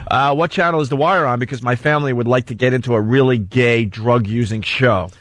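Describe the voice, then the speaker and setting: Man, joking radio host, mid-pitched voice, dry close mic. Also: brisk, dry recording. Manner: joking, laughs often. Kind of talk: casual chat. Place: radio studio.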